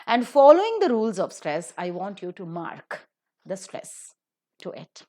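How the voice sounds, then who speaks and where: A woman teaching English pronunciation in a recorded lecture, slowly and deliberately modelling example words. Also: mid-range voice, very animated, mellow. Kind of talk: recorded lecture on word stress.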